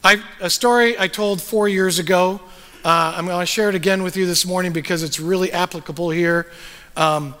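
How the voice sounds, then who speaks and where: A man's voice: high-pitched, steady tone, moderate pace, a bit bright, long reverb tail. A man pastor giving a sermon to his congregation, speaking in a conversational storytelling way with frequent fillers. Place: church sanctuary.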